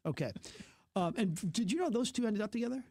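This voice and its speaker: Teasing radio co-host man, slightly high voice. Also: lively intonation, a little fast, a little mellow, dry recording. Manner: playful, teasing. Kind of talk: casual radio chat. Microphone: studio microphone.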